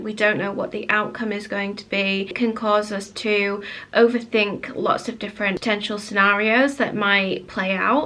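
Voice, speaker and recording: A young woman vlogging at home in a chatty, excitable way, then giving a calm advice chat. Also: medium pitch. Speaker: lifestyle vlogger. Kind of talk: casual vlog narration. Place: cosy home living room.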